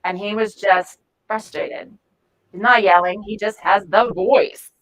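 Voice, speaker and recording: A woman's voice: medium pitch, fairly even intonation, a little slow, rough recording. A woman giving a live training talk to a group in a room, conversational and often searching for words mid-sentence. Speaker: de-escalation trainer.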